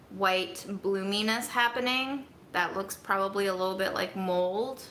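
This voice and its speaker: A woman's voice: medium pitch, pushed and bright, a little hiss or hum. Chatty woman in an echoey kitchen. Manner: chatty, rambling, self-mocking. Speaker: vlogger. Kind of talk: casual chat to a livestream audience.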